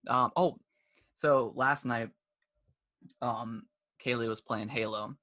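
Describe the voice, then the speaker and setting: Man, podcast co-host, casual and rambling, mid-pitched voice. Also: steady tone, slow, pushed and bright. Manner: rambling, many restarts and fillers; laughs while retelling stories. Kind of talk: casual chat.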